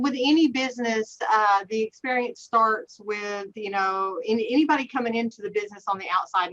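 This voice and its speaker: A woman's voice: medium pitch, fairly bright tone. A woman, an HR professional talking earnestly and emotionally on a panel, rambling with many fillers. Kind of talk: candid panel talk. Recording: dull lo-fi sound.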